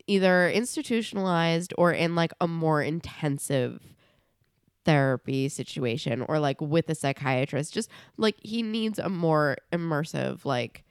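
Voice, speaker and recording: A woman chatting on a podcast about a TV show, with animated, self-correcting asides. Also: lowish voice, measured pace, clean tone, no room sound, studio quality. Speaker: podcast guest or co-host. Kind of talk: casual chat about a TV show.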